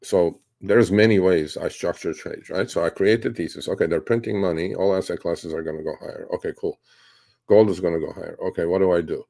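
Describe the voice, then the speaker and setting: A middle-aged man with a low, gravelly, mellow voice answers a question about his trading. He talks casually and bluntly, getting animated and swearing at times. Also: a little fast. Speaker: trader.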